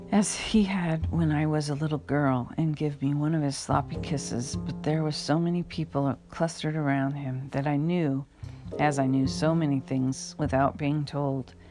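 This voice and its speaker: A woman reading her memoir aloud in an unhurried, reflective way, now and then stopping to correct a slip. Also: deep voice. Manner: unhurried, reflective, with occasional slips and rereads. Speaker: memoir reader.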